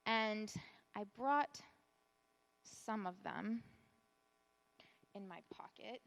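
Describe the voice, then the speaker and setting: A woman's voice: medium pitch, very slow, vocal fry, lo-fi sound. A young woman giving a keynote talk, telling a personal story in a chatty, self-mocking way full of filler words. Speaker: keynote speaker. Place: conference hall stage. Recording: long hall reverb.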